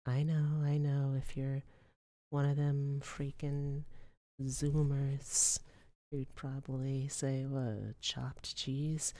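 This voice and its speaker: A woman's voice: extremely low pitch, completely flat delivery, slow pace, warm tone, dry recording. A young woman streaming ASMR, whispering and rambling in a casual, self-deprecating way into a close mic.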